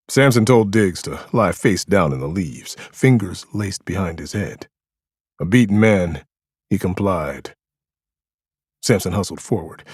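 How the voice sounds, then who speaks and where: Give me a male audiobook narrator, low and husky, tense and dramatic. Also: darkish tone, no room sound, studio quality. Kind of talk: first-person thriller narration.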